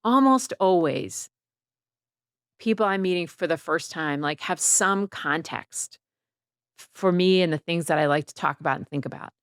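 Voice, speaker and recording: A woman's voice: lowish voice, clean tone, dry recording, studio quality. A middle-aged woman, a guest author, talking reflectively in a casual interview. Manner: reflective, quotes people in lively voices.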